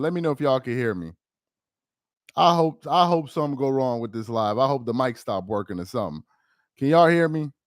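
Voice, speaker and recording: A man's voice: mid-range voice, clear, resonant tone, dry recording. Male sports streamer, casual and down, repeats himself, resonant voice, dead-dry sound. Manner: dejected, repetitive, rambling. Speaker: sports livestream host. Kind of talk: casual live-stream chat.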